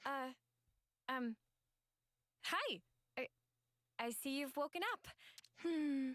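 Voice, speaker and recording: Shy game heroine, high voice, slow and halting, dry. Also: female voice, fairly bright tone, no room sound. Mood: hesitant. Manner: hesitant, halting.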